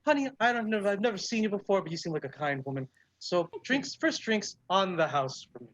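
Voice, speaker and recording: Man putting on a high-voiced old dwarf barwoman. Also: lively intonation, brisk, fairly bright tone, no echo. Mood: kind. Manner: high falsetto put-on accent. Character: very old dwarven woman bartender, jovial and generous. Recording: dull lo-fi sound.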